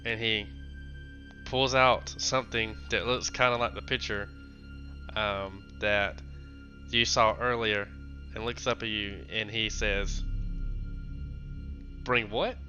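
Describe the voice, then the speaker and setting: Bright-voiced male game master. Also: lowish voice, fairly even intonation, unhurried, muffled recording, faint music behind. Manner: loose, rambling narration with fillers. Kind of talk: narrating a tabletop game.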